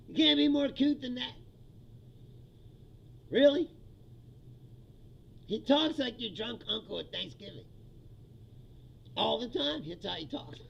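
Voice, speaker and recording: A man's voice: extremely high pitch, lively intonation, slow, gravelly, pauses often, muffled recording. A man in his fifties, a comedian hosting a profane, ranting comedy livestream and laughing often. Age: 50s. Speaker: comedian host.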